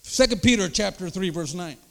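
An older man preaching a sermon, emphatic, checking in with the crowd through quick rhetorical asides. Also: high voice, expressive, creaky, very noisy. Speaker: pastor.

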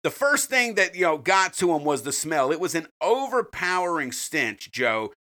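A man's voice: on the high side, sing-song, moderate pace, bright, forceful tone. A man co-hosting a true crime podcast, jokey and swearing casually as he retells the case. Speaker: podcast co-host.

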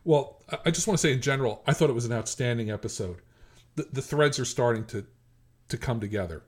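A man's voice: medium pitch, quick pace, slightly rough. A middle-aged man co-hosting a podcast, talking casually about a TV episode, hesitant, restarting often and chuckling. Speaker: podcast co-host. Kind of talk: casual chat.

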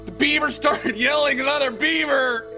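A man putting on the voice of a goofy, shouting man-child telling a silly story. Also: steady tone, normal speed, gravelly, faint music behind, exaggerated voice. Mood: goofy yelling. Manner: high, yelling, breaks into laughter.

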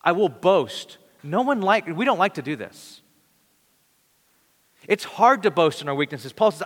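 A man preaching a sermon in an earnest, conversational way, with dramatic pauses. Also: fairly high pitch, lively intonation, fairly bright tone. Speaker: pastor. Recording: long reverb of a large hall.

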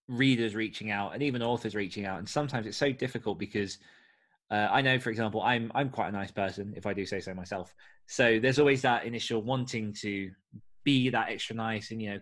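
A man from the UK hosting a writing podcast, talking in a friendly, measured, slightly formal way. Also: lowish voice. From United Kingdom. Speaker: podcast co-host. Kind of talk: podcast chat.

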